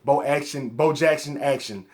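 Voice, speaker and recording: A man from Atlanta with a Southern accent, casually counting down his favorite sneakers in a relaxed vlog and tagging "man" onto his lines with excited bursts. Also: fairly high pitch, moderate pace. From Atlanta, Georgia. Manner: laid-back, peppers sentences with "man", excited bursts. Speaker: sneaker vlogger.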